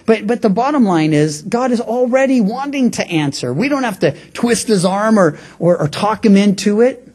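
A man's voice: sits high, lively intonation, normal speed, darkish tone. A man preaching a radio sermon, talking through his point in a conversational way, with frequent restarts and stammers. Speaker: pastor.

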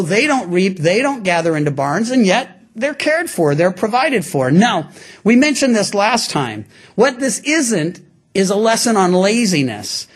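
A man preaching a sermon to his congregation, animated and acting out the voices of people in the stories he tells. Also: high-pitched, husky. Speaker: pastor. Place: church before a congregation.

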